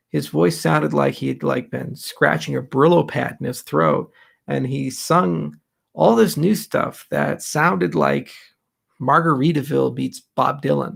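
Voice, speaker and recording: A man's voice: fairly high pitch, vocal fry, husky. A man hosting a casual live question session, answering with wry, offhand jokes. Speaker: host answering audience questions.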